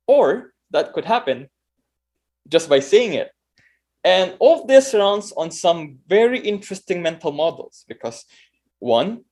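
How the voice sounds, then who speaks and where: A man's voice: on the high side, a little mellow. A man with a Filipino accent giving a conversational talk to an online meetup, often restarting phrases and adding "right?". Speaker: meetup speaker.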